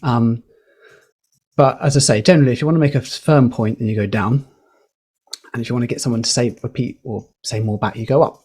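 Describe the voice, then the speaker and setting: Man, mid-pitched, podcast guest, emphatic teacherly explainer. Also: fairly quick, breathy edge. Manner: lively, emphatic, teacherly, with fillers. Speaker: podcast guest, communication educator. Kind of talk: explaining, casual podcast chat.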